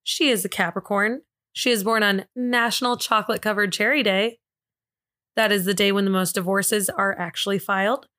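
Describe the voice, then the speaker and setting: A woman's voice: medium pitch, steady tone, moderate pace, pushed and bright. A woman from Indiana co-hosting a true crime podcast, telling the case in a chatty, joking way and laughing often. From Indiana, USA. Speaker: podcast co-host, case presenter.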